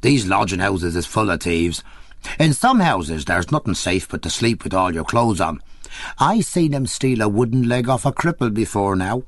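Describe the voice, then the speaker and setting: A man voicing a rough, blunt male tramp with coarse speech. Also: on the low side, big pitch swings, normal speed, no echo, clean studio sound. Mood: gruff.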